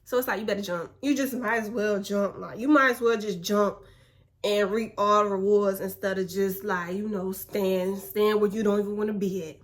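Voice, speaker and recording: A young woman in a relaxed, slangy motivational chat, calling her viewers "baby". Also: mid-range voice, normal speed. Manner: laid-back, slangy, spiritual encouragement, calls viewers "baby". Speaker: vlogger.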